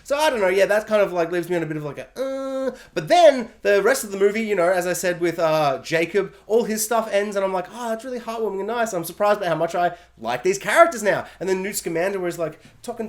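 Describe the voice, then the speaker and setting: Talking fast in a mid-range voice with hardly any pauses, a film reviewer rambles through a casual spoiler review monologue. The delivery is animated and chatty, packed with fillers, and scenes get acted out in goofy voices.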